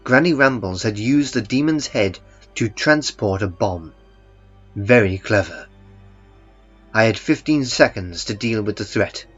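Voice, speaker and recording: A man reading a first-person horror story in a calm, dry, understated way. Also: lowish voice, measured pace, breathy edge. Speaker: narrator. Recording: muffled, with faint music beneath.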